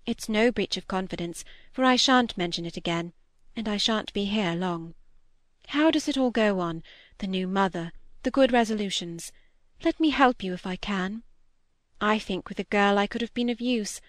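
A woman voicing a gentle, anxious older lady who is ill, speaking softly and unhurriedly in a storybook reading. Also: mid-range voice, normal speed, no echo, natural voice. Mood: tender.

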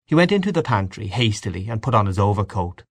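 A man giving a measured, expressive audiobook narration of a story. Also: on the low side, no room sound. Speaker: audiobook reader. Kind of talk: scripted narration.

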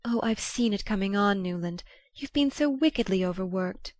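A woman's voice: mid-range voice, lively intonation, moderate pace, no echo, studio quality, lightly acted. A woman reading aloud who voices a young wife, eager and lightly questioning.

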